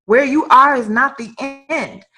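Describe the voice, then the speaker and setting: A woman guest entrepreneur on a live-streamed motivational talk speaks in a high, sharp, unhurried voice, with faint music behind her. Her delivery is emphatic and preacher-like, repeating phrases for weight.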